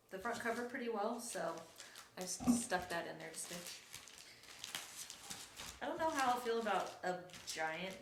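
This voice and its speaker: A young woman hosting a cross-stitch vlog, chatting casually and rambling, often correcting herself. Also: medium pitch. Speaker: flosstube host. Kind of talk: casual show-and-tell vlog. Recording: echoey room with faint noise.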